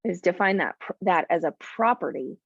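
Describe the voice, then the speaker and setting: A woman's voice: fairly low pitch, expressive, moderate pace, creaky, a bit bright, slightly rough, no room sound, dull audio. A woman teaching a live coding class, thinking aloud with many fillers and talking bluntly about clients. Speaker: coding bootcamp instructor.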